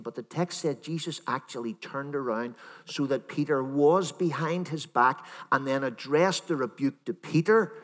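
Man, minister, conversational sermon, mid-pitched voice, echoing hall. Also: a bit bright. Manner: conversational storytelling, acts out imagined dialogue.

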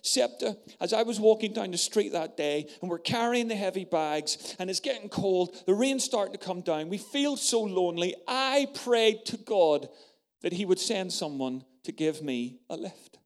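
A man voicing a quiet, lonely mother who speaks softly and hesitantly. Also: very high-pitched, quick pace, gravelly, few pauses, voice pushed up. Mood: pleading.

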